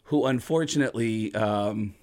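A man's voice: fairly low pitch, moderate pace. A middle-aged man, a stand-up comedian, telling a story in a casual chat and acting out voices and impressions. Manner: animated storyteller who acts out voices and impressions.

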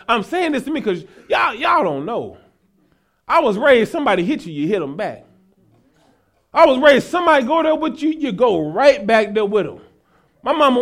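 Male pastor, very high voice, folksy sermon building to shouts. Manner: builds from casual asides to shouted preaching; folksy, talks to the congregation as y'all.

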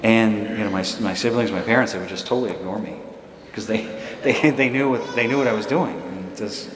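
Recorded in an echoey church hall with background noise, a priest with a fairly low voice speaks fairly quickly. His sermon is a homily told in a conversational, storytelling way, with an occasional chuckle.

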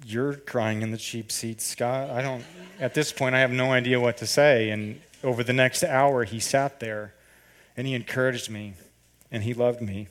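Speaking at a moderate pace with a medium-pitched voice, this man delivers a sermon built around a personal story. He performs the dialogue in an animated way.

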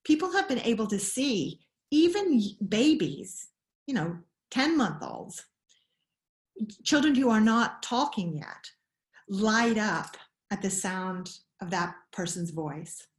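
A middle-aged woman explaining child attachment in an interview, thoughtful, pausing and restarting her sentences often. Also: mid-range voice, animated. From Scotland. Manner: thoughtful, many restarts and pauses. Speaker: guest expert on child attachment. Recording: roomy echo.

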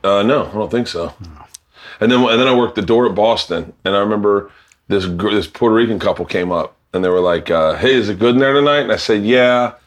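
A man's voice: fairly low pitch, fairly quick. A middle-aged man, a comedian, telling stories in casual chat, acting out quoted voices, laughing and swearing often. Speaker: comedian host of a cooking show. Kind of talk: casual storytelling among comedians.

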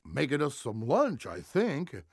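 An actor voicing a kindly old grandfather figure in an animated cartoon, speaking with patient, gentle amusement and a low, chuckling voice. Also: a little slow, husky, no room sound, full character voice. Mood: warm patient. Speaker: grandfatherly friend.

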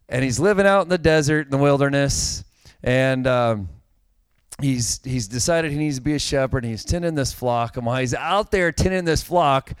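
The recording is dry and the tone clean as a middle-aged pastor with a slightly high voice preaches. His sermon is conversational, full of increasingly animated stories and a dry bit of humor.

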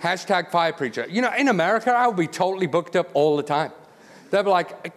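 A man giving a lively, joking sermon in a church, talking conversationally with lots of restarts and asides. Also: high-pitched, brisk. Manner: conversational, joking, many restarts and "you know". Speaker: guest preacher. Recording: long church hall reverb.

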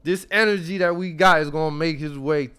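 A man hosting a podcast in casual chat, reading listener emails aloud in an animated, slangy way and laughing along. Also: a little high, a little fast, smooth. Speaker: podcast host.

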